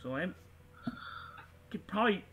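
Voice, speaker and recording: A man with a high, bright, forward voice hosts a casual astronomy livestream. He talks over an online call in a loose, rambling way, full of restarts and filler words. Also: lively intonation, measured pace, breathy edge. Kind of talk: casual live-stream chat.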